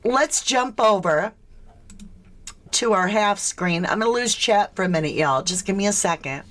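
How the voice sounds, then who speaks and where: A woman's voice: mid-range voice, lively intonation, moderate pace, fairly bright tone. A woman from the States, hosting a casual true crime livestream, chatty and questioning as she greets viewers. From southern United States.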